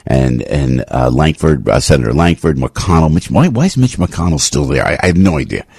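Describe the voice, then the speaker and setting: Man, radio host, deep husky voice, heated rambling monologue, dry studio sound. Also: sing-song, moderate pace, darkish tone, no room sound. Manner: rambling, impassioned, frequent restarts and sudden pitch jumps. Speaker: radio talk show host. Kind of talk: opinionated talk radio monologue.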